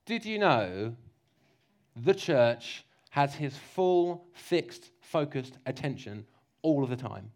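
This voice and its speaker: A man preaching a lively, jokey sermon, slipping into mock voices to make his points. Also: medium pitch, slow pace.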